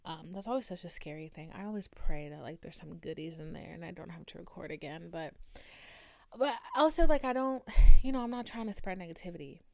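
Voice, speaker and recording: A woman's voice: fairly low pitch, lively intonation, fairly quick, gravelly, darkish tone, dry recording. Frank, swearing woman podcast host, dry sound. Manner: emphatic, frank, swears freely. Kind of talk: casual solo podcast monologue. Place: room at home with her dog.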